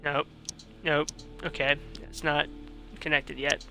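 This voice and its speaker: A man's voice: a little high, little pitch movement, slow, vocal fry, pushed and bright, soft background music. A young man commenting on his game while tipsy, rambling and swearing freely. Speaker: gamer streaming a playthrough. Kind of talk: casual let's-play commentary.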